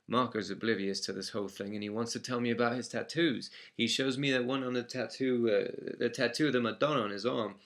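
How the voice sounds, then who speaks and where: A man's voice: medium pitch, steady tone, fairly quick, hardly any pauses, fairly bright tone. A man with an English accent telling a first-person anecdote in a matter-of-fact, dry way. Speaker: storyteller.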